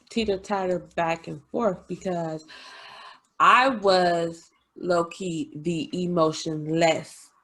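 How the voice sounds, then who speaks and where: Chatty, low-voiced woman podcast host. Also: a bit bright. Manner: chatty and confiding, laughs often, quick asides. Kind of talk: casual podcast chat.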